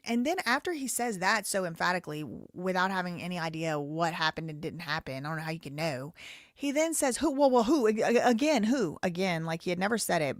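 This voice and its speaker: A woman's voice: mid-range voice, no echo, clean studio sound. A woman hosting a live show, reading a lawsuit aloud in a casual, rambling way, with wry asides and frequent self-corrections.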